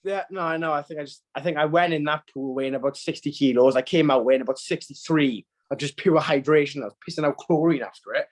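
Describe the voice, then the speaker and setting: A teenage man chatting as a podcast guest and telling animated, self-mocking stories with quick laughs and restarts. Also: fairly high pitch. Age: teens. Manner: animated storytelling, laughs and stumbles. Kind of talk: casual podcast chat.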